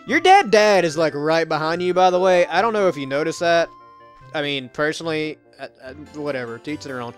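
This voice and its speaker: A man's voice: on the high side, expressive, moderate pace, faint music behind. A young man hosting a let's play, giving casual gameplay commentary full of sarcastic, joking asides.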